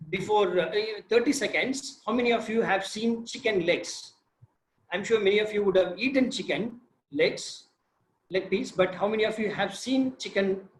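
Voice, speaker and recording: A man with an Indian English accent, a field biologist telling his research story in an informal online session, animated and quizzing his listeners. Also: sits high. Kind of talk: informal talk on a video session. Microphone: video call. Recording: roomy echo.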